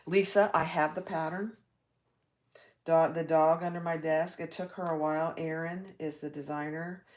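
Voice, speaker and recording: A woman's voice: low-pitched, steady tone, moderate pace. A woman hosting a live sewing tutorial, chatting with viewers and reacting aloud as she works. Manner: chatty, reacts aloud while working, reads viewer comments. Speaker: sewing livestream host.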